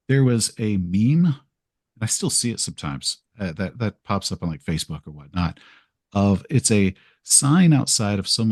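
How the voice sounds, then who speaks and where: On a podcast, a man who makes game videos chats casually in a low, slightly husky voice, rambling, poking fun at himself and acting out his own quotes. The sound is dry and close, with no room sound at all.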